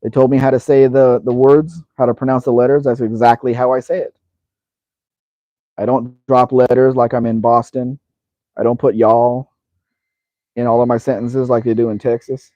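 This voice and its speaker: A man's voice: medium pitch, level tone, normal speed, mellow, no room sound, lo-fi sound. A man from California, older, hosting a live Q&A, reading viewer comments and answering in a casual, rambling way with lots of restarts. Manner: casual and rambling, with frequent restarts and repeated words. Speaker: channel host answering viewer questions.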